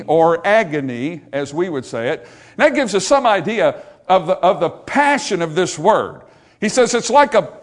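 A man preaching a sermon, earnest and emphatic, building his points through repeated phrases. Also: sits high. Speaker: pastor.

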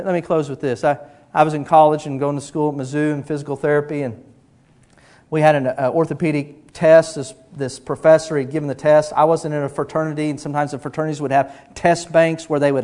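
A middle-aged male pastor preaching a sermon, telling stories with animated energy and dropping to a hush for emphasis. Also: on the high side.

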